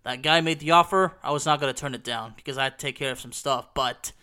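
Hoarse man rambling about games. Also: medium pitch, quick pace, pushed and bright. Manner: rambling, with many "you know" fillers. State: hoarse and coughing while recovering. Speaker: podcast host. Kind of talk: casual solo talk about video games.

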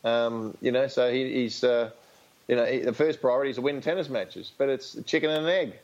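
A man's voice: medium pitch, a little fast, darkish tone, highs cut off. An Australian man speaking as a tennis coach in an interview, frank and rambling, with many fillers and restarts. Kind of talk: casual interview storytelling.

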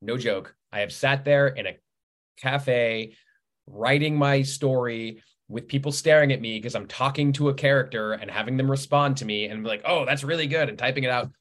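A man in his thirties, a writer and podcast guest, chatting casually as a lively storyteller who laughs often and acts out quoted lines. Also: mid-range voice, moderate pace. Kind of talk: casual interview chat.

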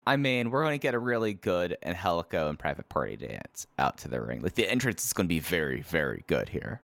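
A man with a somewhat low voice chats about wrestling on a podcast. He rambles and restarts his sentences often. The sound is dry and close. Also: very animated, brisk, vocal fry, fairly bright tone, dry recording. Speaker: podcast co-host. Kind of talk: casual wrestling recap chat.

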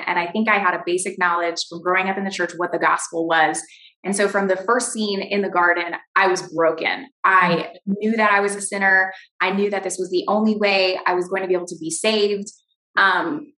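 A middle-aged woman giving a personal faith testimony as an interview guest, earnest and halting, often restarting her sentences. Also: medium pitch, pushed and bright, echoey room, low-quality recording.

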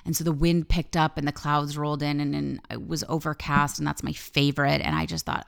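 A woman life coach and podcast host telling a personal story in a candid monologue, swearing freely and talking with lively energy. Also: deep voice, fairly quick, vocal fry.

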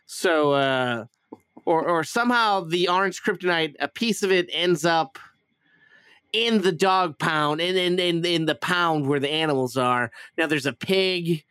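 Rambling man with a bright, clean voice. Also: on the high side, a little slow, smooth, no room sound, clean studio sound. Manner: rambling, profane, acts out lines with silly voices. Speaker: podcast host reviewing a movie. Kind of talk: casual chat.

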